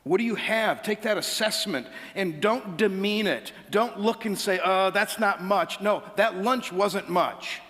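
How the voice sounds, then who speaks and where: Male pastor, slightly high voice, joking sermon style, long church-hall reverb. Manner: humorous storytelling, animated asides to congregation. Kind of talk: sermon with anecdotes. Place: church sanctuary.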